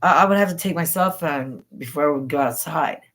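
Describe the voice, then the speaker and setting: A middle-aged woman hosting a live stream, telling stories in a rambling, spontaneous way, excitable and quick to swear. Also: low-pitched. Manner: excitable, swears freely, jumps between thoughts. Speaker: paranormal livestream host.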